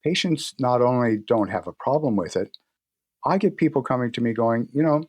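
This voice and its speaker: A man guest in a conversational interview, telling stories in a relaxed way and acting out his patients' lines. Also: medium pitch, moderate pace, no room sound. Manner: relaxed storytelling, acts out patient dialogue. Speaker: guest practitioner.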